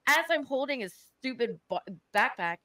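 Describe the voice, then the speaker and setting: Animated laughing woman telling a story. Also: sits high, moderate pace, no echo, rough recording. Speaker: guest. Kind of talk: casual storytelling.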